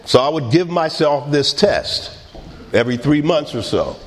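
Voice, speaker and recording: A middle-aged man telling his own recovery story in an unhurried, wry way, laughing quietly at himself. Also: on the high side, expressive, in a large hall, background noise. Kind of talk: personal recovery testimony.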